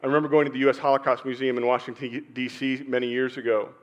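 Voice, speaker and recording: A middle-aged man preaching a sermon as pastor, telling personal stories with pauses and sudden swells in loudness. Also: mid-range voice, level tone, highs cut off.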